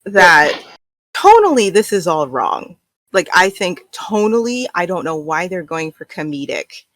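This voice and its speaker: A woman's voice: fairly low pitch, sing-song, measured pace, fairly bright tone, no echo. Emphatic woman panelist, dry close sound. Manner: emphatic, critical. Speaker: podcast panelist. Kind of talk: casual fan discussion.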